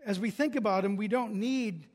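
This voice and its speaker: A man's voice: high voice, moderate pace, a little mellow. A pastor preaching an earnest expository sermon, often restarting and repeating words as he works through a passage.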